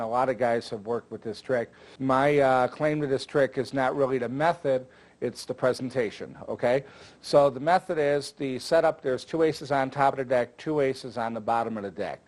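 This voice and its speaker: An older man explaining magic tricks in a chatty, jokey way, with frequent filler words. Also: medium pitch. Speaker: magic instructor. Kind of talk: casual instructional talk.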